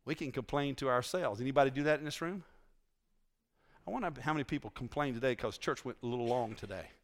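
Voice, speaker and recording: A man's voice: medium pitch, fast. A male preacher giving a conversational sermon in a church, teasing his congregation and asking them questions.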